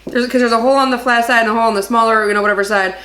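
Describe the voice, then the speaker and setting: Animated storytelling woman, echoey room. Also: a little high, racing. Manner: rambling, animated storytelling with laughs. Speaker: podcast co-host. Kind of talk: casual chat.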